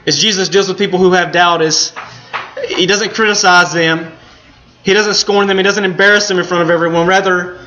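A man preaching a sermon, telling the story in an earnest way and pausing for emphasis. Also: sits high, bright, forceful tone, muffled recording.

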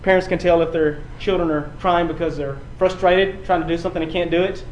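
A man preaching a sermon, building from quiet passages to loud, emphatic runs and often repeating his words. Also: on the high side, fairly even intonation, a little fast, a little hiss or hum, low-quality recording. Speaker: pastor.

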